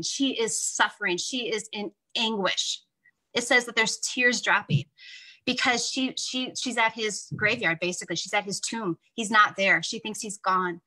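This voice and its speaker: Bright, earnest woman leading devotions. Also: mid-range voice, poor audio. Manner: earnest, heartfelt, conversational. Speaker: Bible study leader. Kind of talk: devotional teaching.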